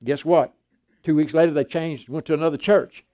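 A man's voice: on the high side, steady tone, normal speed, mellow, lo-fi sound. An older man, a pastor preaching a folksy sermon and acting out Bible dialogue.

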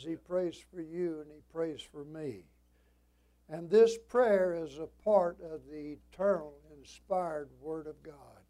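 This evening sermon comes from a man with a high-pitched voice, measured and deliberate, whose strong cadence keeps swinging from forceful swells down to hushed moments.

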